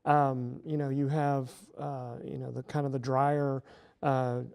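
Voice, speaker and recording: A middle-aged professor talking casually as an interview guest, explaining at length with many fillers and restarts. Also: male voice, mid-range voice, flat delivery, unhurried, creaky, darkish tone, clear, resonant tone.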